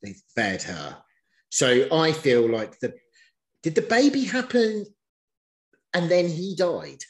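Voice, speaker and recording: Animated man chatting. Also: slow pace, poor audio. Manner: animated, swears casually, jumps in pitch when exasperated. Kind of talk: casual chat recapping reality TV.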